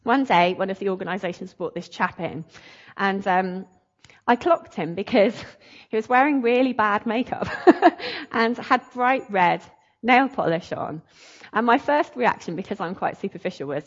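A woman's voice: mid-range voice, animated, moderate pace, dull audio. A woman telling a faith testimony in a chatty, emotional way, laughing often. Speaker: speaker sharing a testimony. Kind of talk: sermon testimony.

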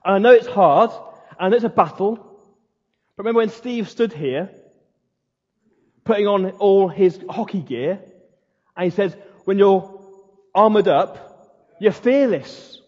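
A man preaches with fiery, emphatic passion, his voice pitched high and a little husky. He delivers a sermon as a pastor, leaning into dramatic pauses. The sound is dull and lo-fi, with long reverb from a large hall. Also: a little mellow.

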